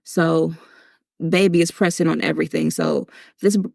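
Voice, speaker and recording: A woman's voice: sits low, very animated, moderate pace, gravelly, a little mellow, no room sound, studio quality. A woman in her thirties hosting a podcast, telling her own story in a candid, conversational way while audibly out of breath. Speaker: podcast host. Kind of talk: personal storytelling.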